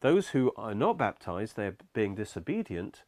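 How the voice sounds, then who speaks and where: A man's voice: fairly low pitch, sing-song, measured pace, darkish tone, no echo. A man preaching a sermon, explaining scripture step by step in an earnest, emphatic way.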